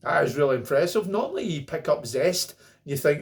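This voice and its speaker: A man's voice: fairly high pitch, big pitch swings, brisk, gravelly. A middle-aged Scottish man talking casually to camera as he reviews a beer, rambling and joking. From Scotland. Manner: chatty, rambling, jokey asides.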